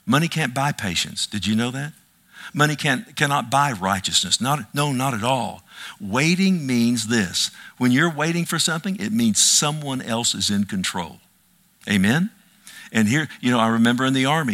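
A middle-aged man, a pastor, preaching a conversational sermon with sudden loud, drawn-out emphasis. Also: medium pitch.

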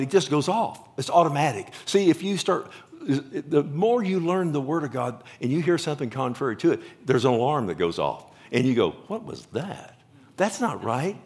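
A man's voice: lowish voice, gravelly, darkish tone. A man preaching a sermon as pastor, earnest and often asking his listeners questions.

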